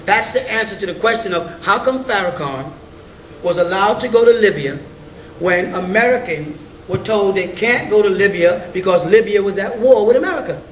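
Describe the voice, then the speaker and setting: High-voiced man lecturing, slangy and joking. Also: animated, normal speed. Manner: slangy, joking, full of rhetorical questions; chuckles between points. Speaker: lecturer addressing an audience. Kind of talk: informal spoken lecture. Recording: roomy, distant, faint hiss.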